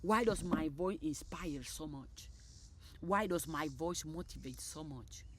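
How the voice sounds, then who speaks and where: A woman reciting upbeat affirmations in an exuberant, repetitive manner, with loud bursts. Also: deep voice, unhurried, a little hiss or hum. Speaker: motivational creator. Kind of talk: spoken affirmations.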